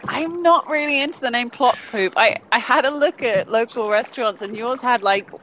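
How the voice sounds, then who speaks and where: A woman's voice: fairly high pitch, normal speed, bright, forceful tone, slight background noise, low-quality recording. A woman playing a bubbly chatty holidaymaker. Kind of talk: improvised comedy audio.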